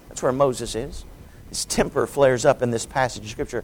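A middle-aged man, a travelling evangelist, preaching a sermon in a storytelling way, dropping to quiet asides and rising to booming shouts. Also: moderate pace, no room sound, low-quality recording.

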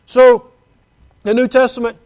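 High-voiced man preaching a sermon. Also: level tone, unhurried, darkish tone. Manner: earnest, conversational, with rhetorical questions; reads scripture in King James wording.

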